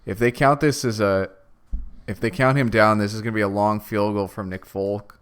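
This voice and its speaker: Smooth low-voiced man reading chat. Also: moderate pace. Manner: relaxed, reads viewer chat aloud. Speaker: co-host. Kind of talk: casual sports watch-along chat.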